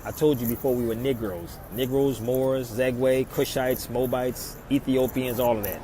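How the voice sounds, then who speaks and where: Man of average pitch, streaming outdoors, lectures his viewers with rhetorical questions, faint street noise behind. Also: fairly even intonation, measured pace. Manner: preachy, rhetorical questions, swings loud and soft. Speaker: live stream host. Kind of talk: casual live stream talk, answering viewer comments. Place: outdoors in a city neighborhood.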